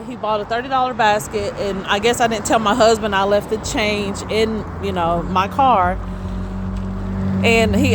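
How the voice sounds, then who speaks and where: Southern lady from tennessee, country accent, chatty storytelling vlog, y'all every other line, cars going by. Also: fairly high pitch. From Tennessee, USA. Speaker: vlogger selling gift baskets. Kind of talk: casual chat to camera. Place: outdoors at a street sales stand, later at home. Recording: noisy outdoor street with traffic. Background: car traffic.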